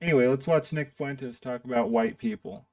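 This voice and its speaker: A man's voice: mid-range voice, normal speed, no echo, distant mic. A man streaming live, ranting in a profane, exasperated way while reacting to videos. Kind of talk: casual stream commentary.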